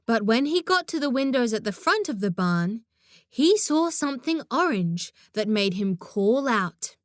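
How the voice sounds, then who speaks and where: Expressive woman narrating a children's audiobook. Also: a little high, measured pace, no echo, clean studio sound. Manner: expressive storytelling.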